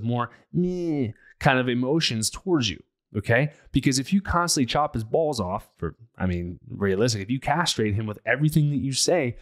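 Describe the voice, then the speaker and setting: A man with a mid-range voice talks through relationship advice as a podcast host. He speaks bluntly and emphatically, in a loose, casual monologue. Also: mid-range voice.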